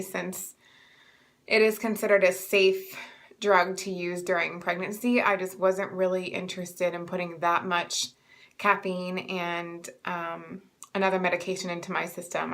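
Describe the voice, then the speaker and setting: A young woman talks casually to her viewers in a bright, clear-toned voice. She sounds a little stuffed up and short of breath, and she rambles along with plenty of ums. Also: lowish voice. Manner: chatty, rambling with many ums. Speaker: vlogger sharing pregnancy updates. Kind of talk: casual chat to camera.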